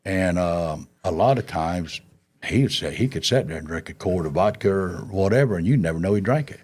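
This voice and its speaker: A man with a low, deep voice recounts his past for an interviewer. He talks in a folksy drawl and chuckles through the story. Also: lively intonation, a little fast, a little mellow, slightly rough.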